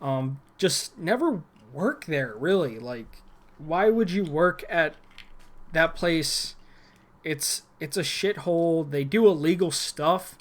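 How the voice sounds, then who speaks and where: A man's voice: fairly high pitch, lively intonation, slow pace. A young man ranting about a former job in a rambling, irritated way, with frequent restarts and fillers. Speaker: former gym employee. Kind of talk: casual vlog rant.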